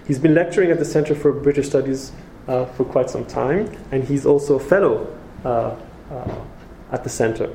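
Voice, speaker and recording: A man's voice: mid-range voice, normal speed, warm tone, slight background noise. A man hosting an event and giving a formal introduction of a speaker, hesitating often with fillers. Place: lecture room. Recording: roomy hall with faint ambience.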